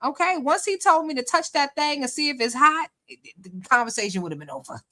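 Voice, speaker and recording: A woman's voice: high voice, animated, fast, bright, forceful tone. A woman commentating on a live stream in casual chat, laughing and teasing as she talks to her chat. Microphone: desk microphone.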